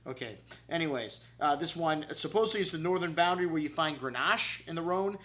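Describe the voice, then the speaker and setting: A man's voice: on the high side, animated, a little fast, fairly bright tone. A man hosting a wine show, rattling off casual, enthusiastic tasting notes with frequent fillers. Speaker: wine shop host.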